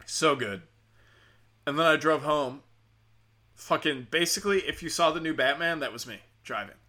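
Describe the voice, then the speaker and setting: Guy rambling on his podcast, swears a ton, dry sarcastic, really bright edgy voice. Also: a little high, moderate pace. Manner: profane, rambling, sardonic. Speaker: podcast host. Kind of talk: casual comic monologue.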